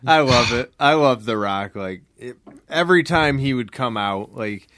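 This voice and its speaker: A man's voice: medium pitch, animated, normal speed, a bit bright, dry recording. A man in casual chat who laughs often, swears, and chimes in.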